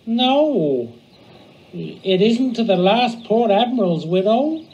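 A man playing a cheeky young sailor who jokes at his shipmate's expense, with a high voice that bounces up and down in pitch. He sounds like a character from an old stage melodrama. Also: very animated, takes it slowly, a little mellow, dull audio, full character voice. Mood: teasing. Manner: teasing banter.

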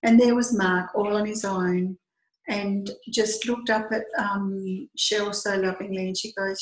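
Woman storyteller, heartfelt and conversational, mid pitch, echoey room. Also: normal speed. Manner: heartfelt, lively retelling with hesitations. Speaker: storyteller recounting a pilgrimage walk. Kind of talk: personal anecdote, conversational.

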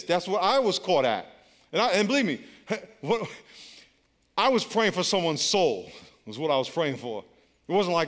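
A man's voice: high-pitched, lively intonation, moderate pace, a bit bright. A male pastor preaching an emphatic, repetitive sermon with call-and-response to his congregation. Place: large church auditorium. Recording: long church hall reverb.

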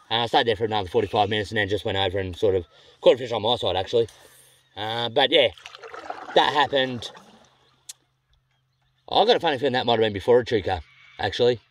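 A quick-talking Australian man recounts his trip in a loose, conversational vlog. His voice sits at an ordinary pitch, and his delivery is rapid. He wanders, backtracks over details and swears freely. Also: fairly bright tone, slight background noise. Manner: rambling, self-correcting, blunt and sweary. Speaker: vlogger. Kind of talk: casual storytelling.

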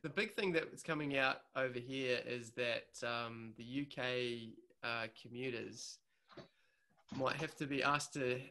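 A male comedian hosting a loose catch-up, rambling along with lots of fillers. His voice has a bright, forward edge at an ordinary middle pitch. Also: a little slow. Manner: rambling, full of fillers and laughter. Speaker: comedian and show host. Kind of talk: casual comedic chat.

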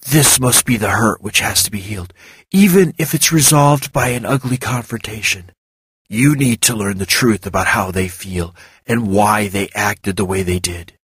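Man reading as intense earnest young guy, insistent, raspy. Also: on the low side, normal speed, a bit bright, no room sound, voice pushed down. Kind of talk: audiobook character reading.

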